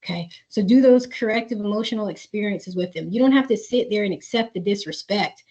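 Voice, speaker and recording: A woman's voice: medium pitch, brisk. Woman coaching parents on a webinar, um-filled chatty answers, muffled lo-fi call audio. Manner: reads parent questions aloud, then coaches warmly with filler words. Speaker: webinar presenter. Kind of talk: live webinar Q&A.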